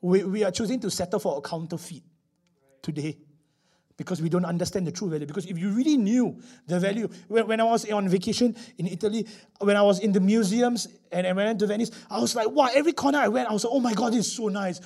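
A man preaching a sermon, swinging from loud emphasis to quiet asides and acting out little scenes. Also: sits high, quick pace, breathy edge. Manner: animated, acts out little scenes with voices. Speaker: pastor.

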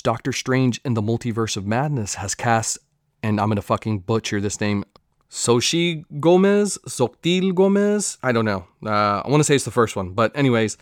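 A man's voice: medium pitch, dry recording, clean studio sound. A man hosting a solo podcast in a casual chat, loose and profane, with jokey asides. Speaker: podcast host. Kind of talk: casual solo podcast chat about comics and film news.

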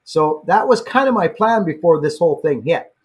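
Earnest Canadian man, husky voice. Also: fairly high pitch, expressive, moderate pace. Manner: earnest, repeats words as he starts sentences. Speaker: guest, YouTuber. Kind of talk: casual conversation.

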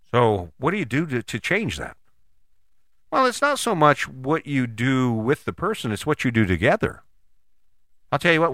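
A man's voice: medium pitch, sharp tone, dry recording, clean studio sound. A middle-aged man talking in a blunt, folksy, casual monologue, telling stories with mild cursing.

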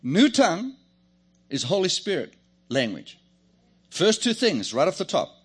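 A man's voice: high voice, unhurried, slightly rough. A man preaching a sermon, joking and calling on the congregation to answer back. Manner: lively, joking, calls on the congregation. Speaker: pastor.

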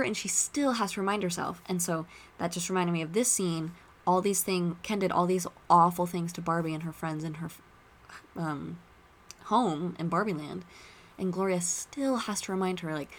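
A woman hosting a podcast, chatting casually and retelling movie scenes with lively asides. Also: on the low side, normal speed. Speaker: podcast host.

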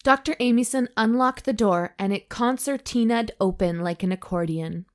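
A woman's voice: on the high side, moderate pace. A woman co-hosting a comedy podcast, reading an erotic story aloud with mock drama and stopping to joke. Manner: reads with mock drama, stops to joke and laugh.

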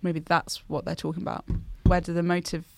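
A young woman co-hosting a casual podcast, musing quietly and asking questions as she thinks aloud. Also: on the low side, flat delivery, brisk, gravelly, a little hiss or hum. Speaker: podcast co-host.

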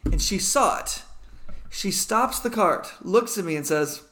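High-voiced man telling stories. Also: expressive, unhurried, bright, forceful tone. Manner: storytelling, laughs while talking. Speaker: podcast co-host. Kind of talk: casual chat.

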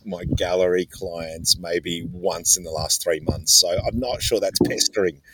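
A man's voice: low voice, fairly even intonation, background noise. A man co-hosting a podcast, teasing and joking in casual banter, speaking through a laptop outdoors by the water. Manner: teasing, joking, quick to laugh. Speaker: podcast co-host and photography instructor. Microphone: laptop mic.

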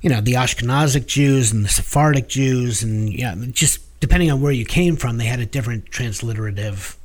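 A man's voice: mid-range voice, a little fast. A man co-hosting a podcast, explaining things in casual chat with many fillers and restarts. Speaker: podcast co-host.

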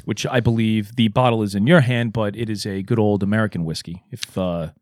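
A man with a fairly low voice co-hosting a casual podcast, joking and swearing freely. The sound is close and dry. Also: fairly even intonation, a little fast, a little mellow, no room sound. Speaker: podcast co-host. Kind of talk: casual chat.

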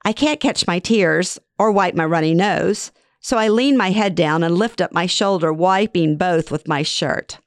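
A woman's voice: on the low side, measured pace, hardly any pauses, dry recording, studio quality. A middle-aged woman reading her own memoir aloud in a wry, conversational way. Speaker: memoir narrator. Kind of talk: first-person storytelling reading.

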